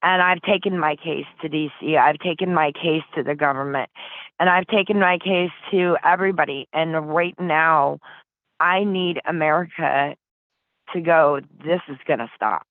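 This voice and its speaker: Pleading and emotional, a Flint, Michigan woman gives impassioned interview talk by phone. She has a low voice, a steady tone and a moderate pace. The line is tinny and dry, with no echo.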